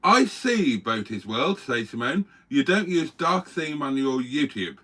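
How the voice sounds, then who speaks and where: Older male co-host for a casual live stream: bright, animated and wry, pokes fun at himself. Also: medium pitch, a little slow. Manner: wry, self-mocking banter. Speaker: co-host reading viewer comments.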